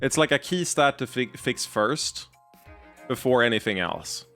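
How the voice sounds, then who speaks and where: A male game streamer talks his way through play in a loose, rambling way, giggling often and restarting his sentences. His pitch sits mid-range for a man, with faint music playing underneath. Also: lively intonation, a little slow, creaky, sharp tone. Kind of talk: casual live-stream commentary.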